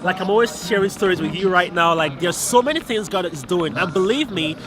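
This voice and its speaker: Earnest high-voiced man among a crowd. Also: expressive, brisk. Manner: earnest, enthusiastic. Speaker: churchgoer giving testimony. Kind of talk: interview testimony. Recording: crowd noise behind.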